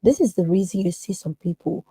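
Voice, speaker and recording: Woman therapist, podcast guest, emphatic, warm husky voice, dry sound. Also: lowish voice, brisk, dry recording, rough recording. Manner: emphatic, acts out quoted voices. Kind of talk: earnest podcast conversation.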